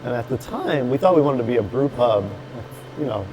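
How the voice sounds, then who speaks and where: A man telling the story of opening his brewery in a casual chat, acting out what people said with lively restarts. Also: mid-range voice, a little fast, a little hiss or hum. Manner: animated storyteller, acts out quotes with restarts. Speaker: brewery owner, guest.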